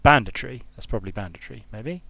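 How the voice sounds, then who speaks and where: A man's voice: mid-range voice, expressive, brisk, vocal fry, bright, forceful tone. A young man casually commenting on a strategy game he is streaming from home, thinking aloud and often breaking off mid-sentence. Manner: rambling, self-interrupting, thinking aloud. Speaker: game designer streaming gameplay. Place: hot room at home.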